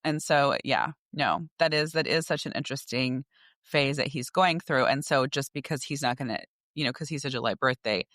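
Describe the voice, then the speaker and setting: A woman's voice: a bass voice, moderate pace, dry recording, studio quality. A woman in her forties, a podcast co-host and coach, chatting casually and acting out her kids' voices as she tells stories. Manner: animated storyteller who acts out her kids' voices. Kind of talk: casual chat.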